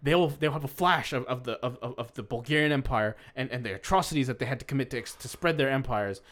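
A man in casual comedic chat, building absurd scenarios with growing excitement. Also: medium pitch, fast. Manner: animated, spins absurd tangents.

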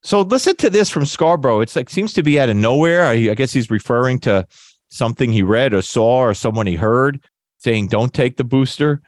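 A man's voice: mid-range voice, animated, a little fast, no room sound. A man hosting a talk radio show, rambling and correcting himself, with lingering congestion. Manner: rambling, self-correcting, laughs mockingly. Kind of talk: conservative talk radio commentary.

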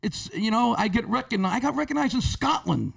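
A man around sixty with a high-pitched voice tells comic stories as a guest. He rants in an animated, rapid-fire style and swears freely. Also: gravelly, distant mic. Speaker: comedian guest. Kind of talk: comic storytelling.

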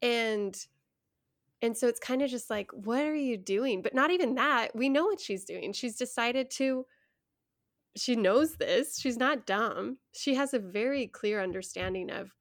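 A woman's voice: fairly high pitch, measured pace, no echo, clean studio sound. A young adult woman co-hosting a podcast, talking frankly and earnestly with frequent laughs. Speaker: podcast co-host. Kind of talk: casual chat.

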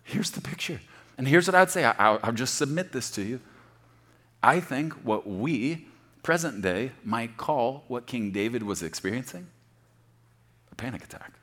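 A middle-aged man preaching a sermon, swinging between loud emphatic declarations and hushed near-whispers. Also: mid-range voice, lively intonation, normal speed. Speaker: pastor.

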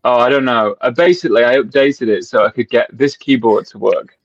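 A man guest joins by video call and chats in a relaxed, laid-back way. His voice comes through a dull, lo-fi line. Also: medium pitch, brisk. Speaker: musician guest. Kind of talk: casual video-call chat.

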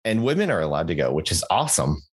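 A man's voice: low voice, sing-song, fast, breathy edge. A young man co-hosting a podcast, chatting casually with jokey asides and lots of fillers and restarts. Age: young adult. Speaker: podcast co-host.

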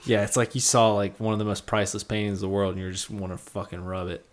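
A man's voice: on the low side, flat delivery, fast. A man in his twenties, a podcast co-host, telling a rambling, swearing story with laughs. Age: 20s. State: slightly tipsy. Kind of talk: casual storytelling.

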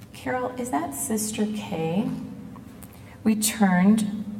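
A middle-aged woman giving an earnest personal testimony, speaking in a measured way and slowing down on quoted words. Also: medium pitch, warm tone. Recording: echoey hall, mic at a distance.

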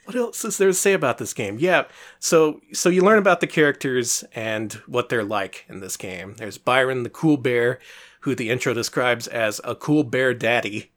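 A man's voice: mid-range voice, normal speed, a bit bright. Wry, chatty man on a podcast. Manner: chatty, wry, laughs often while explaining. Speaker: podcast co-host. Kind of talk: casual podcast chat about retro games.

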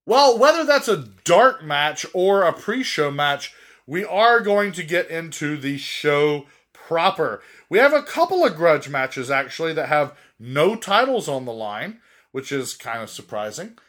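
A man's voice: a little high, very animated, measured pace, a bit bright. A young man from the States riffs through podcast banter in a slightly raised register. He jokes around playfully and keeps laughing between lines. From United States. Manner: jokey, playful, laughs often. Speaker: podcast co-host.

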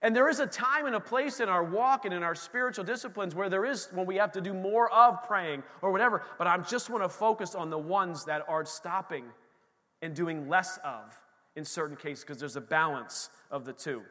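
A man preaching a sermon to his congregation in a church, animated and calling out to the room, acting out the voices he quotes. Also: sits high, normal speed, big-room sound. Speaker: pastor. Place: church sanctuary.

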